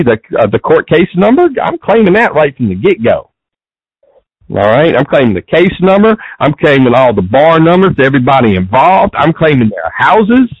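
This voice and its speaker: A man's voice: medium pitch, no echo. A man talking as an interview guest in a casual, rambling way, often restarting his sentences, on a dull lo-fi recording.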